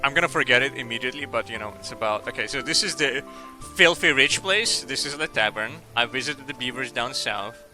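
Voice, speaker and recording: Bright-voiced laughing game streamer man. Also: medium pitch, fairly quick, soft background music. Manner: rambling, laughing, swearing freely. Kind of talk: casual gaming stream commentary.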